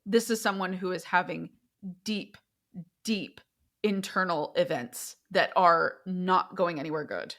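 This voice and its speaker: A woman's voice: on the low side, measured pace. Woman therapist telling a story on a podcast. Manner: storytelling, animated when quoting. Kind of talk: casual podcast chat.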